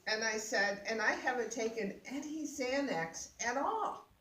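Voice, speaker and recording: A woman's voice: a little high, animated, measured pace, bright, forceful tone. Older woman telling a story, roomy sound. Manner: laughing, exclaiming, acts out voices. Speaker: guest sharing a personal story. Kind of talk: animated storytelling. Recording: roomy sound, mic at a distance.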